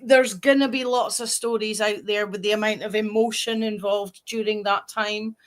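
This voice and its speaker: A woman's voice: medium pitch, little pitch movement, moderate pace. Matter-of-fact woman telling stories. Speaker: podcast co-host. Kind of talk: casual chat.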